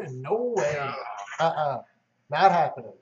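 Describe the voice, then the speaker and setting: A man hosting a casual livestream who reads out viewer comments and answers them. His voice sits high for a man. The sound is a bit dull and muffled. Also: animated, slow, noisy background. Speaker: livestream host.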